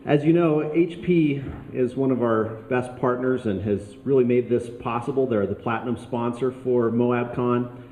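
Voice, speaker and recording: A man with a mellow voice opens a conference session with upbeat introductions and a few fillers. His voice rings in a large room with a faint hiss behind it. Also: medium pitch, normal speed, echoey room, low-quality recording. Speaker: event host. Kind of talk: welcome speech. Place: conference stage.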